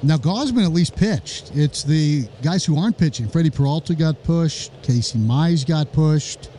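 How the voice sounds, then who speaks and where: A man's voice: a little high, slight background noise. Wry baseball play-by-play man. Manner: brisk, wry, jokey asides, rising excitement on big plays. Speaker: play-by-play announcer. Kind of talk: live baseball commentary.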